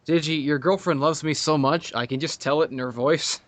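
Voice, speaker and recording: A man's voice: fairly high pitch, steady tone, moderate pace, fairly bright tone, no room sound. A man telling a crude, profanity-heavy story in casual podcast chat, laughing often. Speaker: podcast guest.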